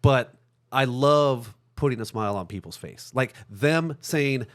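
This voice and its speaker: Guy telling stories on a podcast, animated and laughy, normal pitch. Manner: animated storyteller, fast and laughing. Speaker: podcast guest. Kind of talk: casual conversation.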